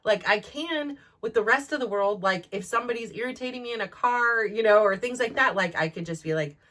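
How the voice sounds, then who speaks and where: A woman's voice: on the high side, a little fast, a bit bright. A woman in her forties hosting a podcast, talking candidly and rambling with many restarts. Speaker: podcast host. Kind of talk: candid personal monologue.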